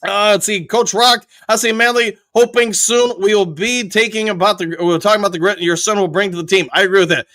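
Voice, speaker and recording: A man's voice: high-pitched, fairly even intonation, a little fast, few pauses, pushed and bright, no echo. A man from Michigan hosting a live fan show, reading viewers' chat messages aloud and answering them. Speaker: host.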